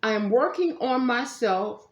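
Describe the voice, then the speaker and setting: A woman giving a casual tarot reading at home, chatty and animated, talking straight to her viewers. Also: on the high side, a little slow. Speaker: tarot reader. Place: room at home. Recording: echoey room.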